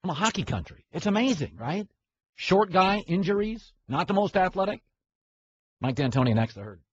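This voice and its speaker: A man's voice: high voice, big pitch swings, normal speed, husky, no echo. A man hosting a sports talk show, opinionated and rambling, often stopping and restarting his sentences. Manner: rambling, opinionated, self-interrupting. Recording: slightly muffled, faint hiss.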